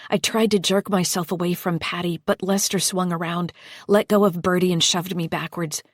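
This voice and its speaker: Low-voiced woman narrating a thriller. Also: steady tone, normal speed, dry recording, clean studio sound. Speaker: audiobook narrator. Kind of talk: first-person thriller narration.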